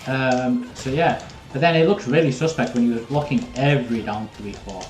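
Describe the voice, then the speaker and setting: A young man, chatting easily with his viewers as he plays live and talks through each round. His voice sits at an ordinary middle pitch and carries a roomy echo. Faint game music plays beneath him. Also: normal speed, a little mellow. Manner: casual, chatty, talks to viewers while playing. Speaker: streamer. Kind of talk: live gameplay commentary.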